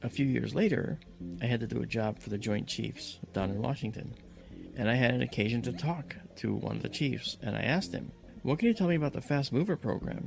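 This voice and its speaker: A man tells a personal story with a gravelly edge in his voice. He slows down and restarts often, and his pitch jumps up whenever he acts out someone's lines. The telling is dramatic and personal. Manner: acts out voices in quotes, halting with fillers.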